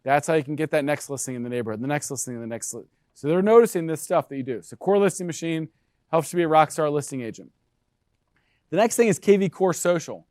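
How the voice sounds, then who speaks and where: Male presenter, lively sales talk to agents, slightly high pitch, dry recording. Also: quick pace, no echo. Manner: energetic, talks to the room with frequent "right?". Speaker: brokerage presenter.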